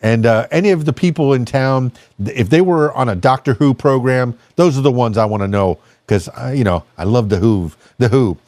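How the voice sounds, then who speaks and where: A man's voice: mid-range voice, brisk, hardly any pauses, darkish tone, no echo. Rambling, jokey male podcast host. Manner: rambling, jokey, many fillers. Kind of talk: casual interview chat.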